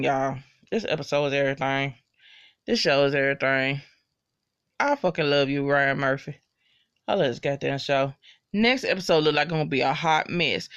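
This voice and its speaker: Woman, TV recap vlogger. Brash, expressive delivery with wide pitch swings, dry room. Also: clean tone, no room sound. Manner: loud, slangy, profanity-laced, animated gushing. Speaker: TV episode recapper. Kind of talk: casual spoken recap.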